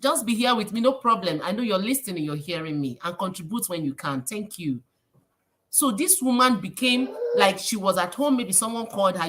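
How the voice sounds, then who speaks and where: Animated Nigerian woman giving advice. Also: mid-range voice, a little fast, a little hiss or hum. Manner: animated, preachy, mixes in Pidgin phrases. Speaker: livestream host. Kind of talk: casual livestream talk.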